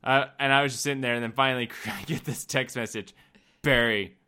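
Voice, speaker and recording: A man's voice: mid-range voice, steady tone, fairly quick, bright, forceful tone, clear, resonant tone. A man in his thirties, co-hosting a casual chat, telling stories in an easygoing way and laughing along. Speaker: podcast co-host.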